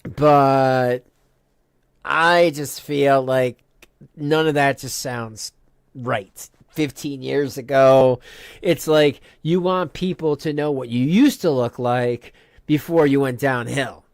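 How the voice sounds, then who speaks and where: A stream host doing casual commentary, talking heated and sarcastic and breaking into laughs. The voice sits mid-pitch, on a dry close mic with no room sound. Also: slow pace, dry recording.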